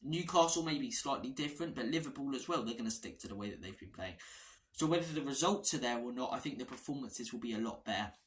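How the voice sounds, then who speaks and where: A man's voice: mid-range voice, fast talker. A man hosting a football fan channel, talking through his team's tactics in a passionate, chatty way. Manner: passionate, chatty, repeats words when excited. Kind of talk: casual fan analysis vlog.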